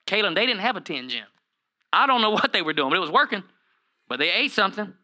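A man pastor preaching a lively sermon, acting out Bible characters in comic voices and calling out to his listeners. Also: high voice, fast talker. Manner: animated, acts out Bible characters in funny voices, calls to the congregation by name.

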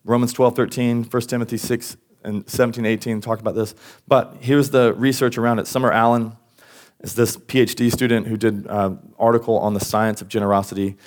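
A man's voice: mid-range voice, little pitch movement, brisk. Conversational man preaching a sermon. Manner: conversational, with frequent restarts and asides. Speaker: pastor. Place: church service.

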